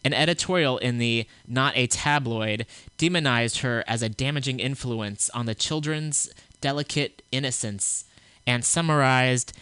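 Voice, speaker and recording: Radio host, male, blunt commentary while reading aloud, forceful crisp tone. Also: medium pitch, dry recording. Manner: blunt, opinionated asides; reads a statement aloud with halting restarts. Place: small radio studio.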